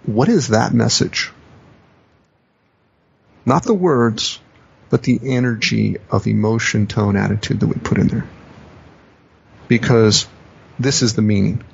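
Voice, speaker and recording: Unhurried and pausing often, a male coach and teacher talks through ideas on a reflective podcast, repeating, rephrasing, and acting out quoted lines. His lowish voice is creaky, husky, and a little mellow. The recording sounds dull and lo-fi.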